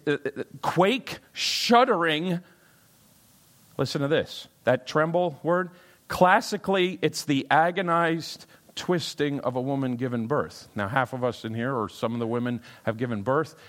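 A man preaching a sermon in a church, animated, quoting scripture with sudden rises in pitch and volume. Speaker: pastor. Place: church sanctuary.

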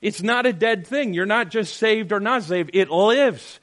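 A man leading a Bible study group, teaching in an animated, questioning way and acting out quotes. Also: high-pitched, normal speed.

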